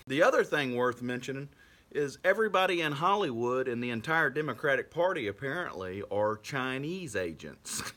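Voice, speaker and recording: A man talks to camera in a loose, rambling monologue. His voice sits mid-range, neither deep nor high. He scoffs and laughs through his words often. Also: sharp tone. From Texas. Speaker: vlogger.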